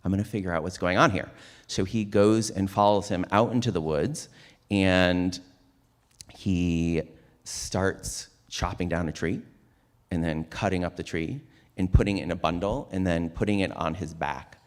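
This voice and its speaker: Low-voiced man telling a sermon story. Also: steady tone, a little slow, a little mellow. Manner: casual, with frequent "like" and restarts. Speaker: speaker at a Shabbat service. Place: synagogue sanctuary.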